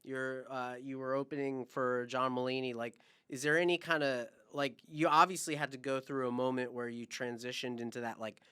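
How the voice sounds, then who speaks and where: Man, podcast host, bright crisp voice, rambling questions, dry close mic. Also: mid-range voice, little pitch movement, normal speed, hardly any pauses, dry recording. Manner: rambling, searching questions with fillers. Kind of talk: casual interview.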